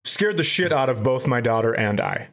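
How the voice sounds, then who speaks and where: A man's voice: medium pitch, lively intonation, normal speed, a bit bright. Profane joking man telling stories. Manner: profane, laughs through his own stories. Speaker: podcast co-host. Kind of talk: casual comedic storytelling.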